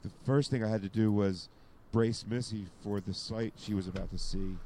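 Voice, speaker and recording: Man, lowish voice, halting rambling delivery, faint background noise, casual podcast talk. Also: steady tone, mellow. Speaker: podcast co-host. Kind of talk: casual chat.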